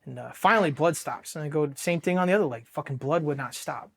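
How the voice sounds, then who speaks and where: A Marine veteran from Ohio recounting combat in a raw, profane interview, halting and restarting often, going quiet at the painful parts. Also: male voice, a little high, vocal fry, slightly rough. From Ohio, USA. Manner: emotionally charged, dropping quiet at painful moments. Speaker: Marine veteran telling his war story. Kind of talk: personal interview storytelling.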